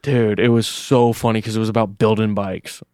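A man's voice: lowish voice, flat delivery, moderate pace, a little mellow, clean tone, no room sound, clean studio sound. A young man co-hosting a podcast, telling a rambling story in casual chat and swearing freely. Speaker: podcast co-host.

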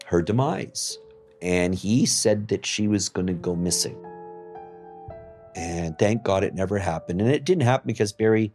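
Blunt, halting man recounting his past. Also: lowish voice, a little mellow. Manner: blunt, profane, halting with fillers. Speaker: interviewee. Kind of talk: emotional personal testimony.

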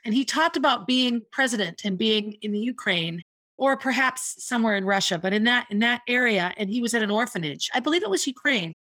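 A woman's voice: on the high side, lively intonation, fairly quick, a bit bright, no echo. Earnest woman telling a personal story. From United States. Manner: earnest and reflective, with emphatic repetitions. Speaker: podcast host.

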